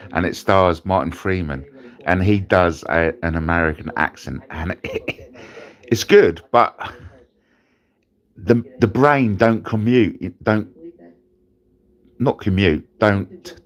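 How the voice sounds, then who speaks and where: Brash British livestream host, low voice with big swoops, crude and swearing. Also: male voice. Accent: British English. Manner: crude, jokey, swears freely, wild pitch swings. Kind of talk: rambling livestream chat. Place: in bed at home.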